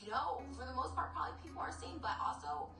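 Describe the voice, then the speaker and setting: A woman's voice: high-pitched, sing-song, fast. A woman YouTuber in a played clip, telling her side in a rambling, hesitant way, full of fillers. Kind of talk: vlog monologue explaining herself. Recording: distant echoey playback over loud music.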